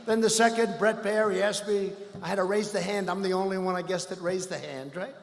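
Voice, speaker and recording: A man giving a rambling, boastful campaign rally speech, often breaking into shouts. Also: high-pitched, steady tone, fairly quick, creaky. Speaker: political speaker at a rally. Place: large rally hall. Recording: echoey hall with long reverb.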